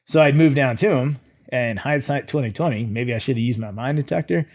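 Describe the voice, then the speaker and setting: A middle-aged man, a former soldier, telling his story as an interview guest in a lively way, acting out his own thoughts. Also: medium pitch, brisk. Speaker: guest, former Green Beret.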